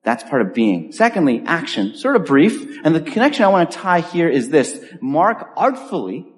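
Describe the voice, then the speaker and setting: A man preaching a sermon in an earnest, conversational way, with pauses and restarts. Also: fairly high pitch, big pitch swings. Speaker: pastor. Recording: long hall reverb.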